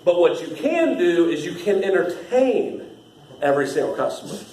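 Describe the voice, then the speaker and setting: A man's voice: high-pitched, sing-song, moderate pace, mellow. A young man, casually training new staff, rambling, laughing often and using lots of fillers. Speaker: haunt trail actor training new staff. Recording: echoey room with faint ambient noise.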